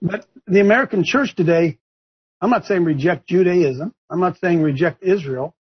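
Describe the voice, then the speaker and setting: A high, very husky man's voice rises and falls as he leads a preaching-style group discussion. He repeats himself and calls on his listeners one by one. The sound comes through muffled video-call audio. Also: moderate pace. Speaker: group leader addressed as coach. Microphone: video call microphone.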